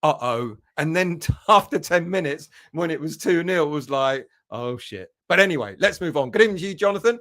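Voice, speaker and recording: A man's voice: a little high, expressive, fairly quick, hardly any pauses, fairly bright tone. A man hosting a football fan livestream, rambling and chatty as he greets viewers by name. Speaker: fan channel host. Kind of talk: casual livestream chat.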